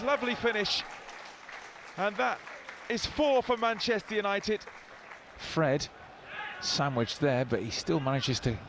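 Male football commentator, high lively voice, roaring stadium crowd behind, live broadcast commentary. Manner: bursts into excited shouts at goals. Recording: broadcast commentary over loud crowd noise.

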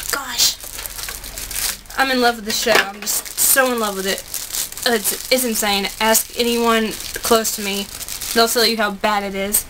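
An excitable young woman talks through an unboxing vlog at home, gushing and chatty. Her voice sits high. A faint hiss of noise hangs behind her. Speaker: vlogger.

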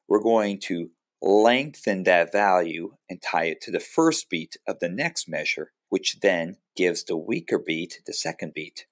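A man with a very low, deep voice narrates a music theory lesson. He explains each point in a calm, measured way, like a teacher walking students through the material.

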